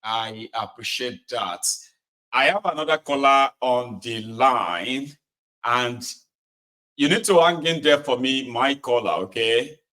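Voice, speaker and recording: Male call-in host, mid-pitched, fiery, hammers points home by repeating them. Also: animated, slow pace, sharp tone. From Nigeria. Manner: impassioned, repeats phrases for emphasis. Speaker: host taking callers. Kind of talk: call-in political commentary.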